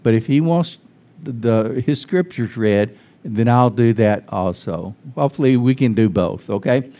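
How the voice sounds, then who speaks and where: A man's voice: mid-range voice, unhurried, dark tone. A male pastor giving an informal, conversational sermon in a church, often restarting sentences and putting questions to the congregation. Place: church sanctuary.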